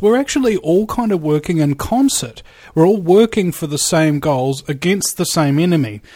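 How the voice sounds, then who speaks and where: A man hosting a casual conversation, rambling and joking, with quick puns. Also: on the high side, a little mellow, dry recording, clean studio sound. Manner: jokey, rambling, puts on funny voices. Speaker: host.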